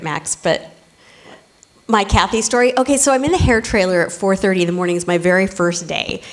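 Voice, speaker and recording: A woman guest on a panel at a public event, telling anecdotes in an animated, laughing way. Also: mid-range voice.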